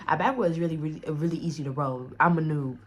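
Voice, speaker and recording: A woman's voice: deep voice, fast talker. A young woman telling a casual storytime, rambling in slang with many restarts and acted-out quotes. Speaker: storyteller vlogger.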